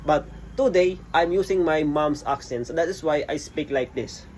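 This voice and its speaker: Male vlogger, slightly high voice, faint ambient noise, playful and mock-threatening. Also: moderate pace, darkish tone. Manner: playful, mock-menacing boasts. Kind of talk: casual vlog to camera. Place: beside an old house.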